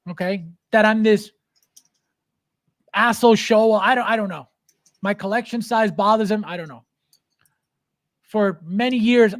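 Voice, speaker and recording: A man's voice: high-pitched, no room sound. A man hosting a livestream, reading viewer comments aloud and answering them in a defiant, repetitive way. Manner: defiant, repeats phrases, talks back to chat. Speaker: livestream host.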